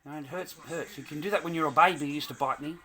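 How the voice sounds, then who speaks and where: A man playing and joking with his young child in a home garage, teasing in a playful way with squeaky high bursts. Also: quick pace, fairly bright tone. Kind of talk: casual home video.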